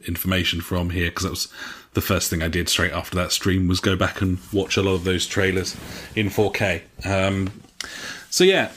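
Lower-voiced podcast co-host. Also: male voice, a bit bright. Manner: casual, swears, hesitant fillers. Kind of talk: casual gaming podcast chat.

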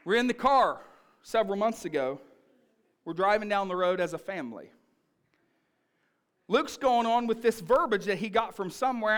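High bright pastor guy telling family stories in a sermon, punchy. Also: brisk. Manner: storytelling, animated and punchy.

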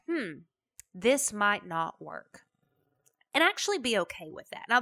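A woman hosts a motivational podcast. Her voice is bright and forward, roughened by a gravelly fry. She talks in a chatty, folksy, emphatic way. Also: medium pitch. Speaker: podcast host.

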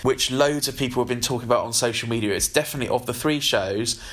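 A man co-hosting a casual chat about television, speaking in a measured, articulate, wry way. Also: medium pitch, a bit bright. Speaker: podcast co-host.

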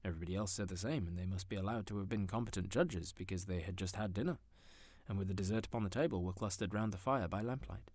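A man narrating a classic story in an expressive, theatrical manner. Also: low voice, fast, no room sound, studio quality. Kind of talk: audiobook narration.

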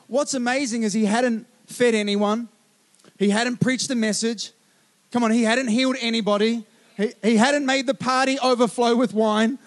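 A man preaching a sermon with fervent, repeated calls of "come on", swinging between loud urgent bursts and quiet slow lines. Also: very high voice.

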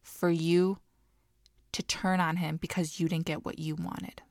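A woman's voice: on the low side, level tone, unhurried, gravelly, a little mellow, no echo, studio quality. A woman co-hosting a faith podcast who talks in an earnest, reflective way. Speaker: podcast co-host. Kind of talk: casual faith talk.

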